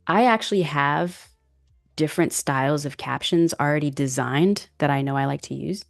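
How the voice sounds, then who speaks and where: A woman with African American English chatting casually as a guest creator, relaxed and self-deprecating, laughing often as she explains. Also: sits low, normal speed, vocal fry, soft background music. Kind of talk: casual tutorial chat.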